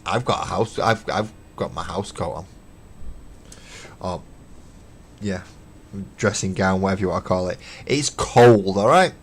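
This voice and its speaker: A fairly low-voiced man talks loosely to his stream while he works at home, counting pieces under his breath and poking fun at himself. He swears offhandedly, and a faint hum of room sound sits behind him. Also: unhurried, long pauses. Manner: chatty and self-mocking, counts parts aloud, swears casually. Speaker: streamer building miniatures. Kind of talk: casual live-stream chat while working. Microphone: webcam stream.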